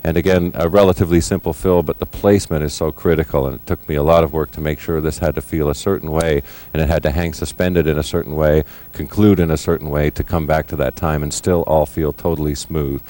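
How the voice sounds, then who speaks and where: A middle-aged man in a recording studio, explaining drum fills in a measured, thoughtful way. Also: a bass voice, steady tone, warm tone. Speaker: drummer giving a lesson. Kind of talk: instructional explanation.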